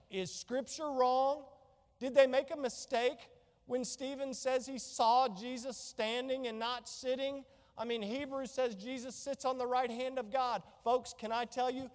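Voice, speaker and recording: A woman's voice: a little high, a little mellow, big-room sound. A woman preaching a sermon with fervor, piling up rhetorical questions. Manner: fervent, stacked rhetorical questions.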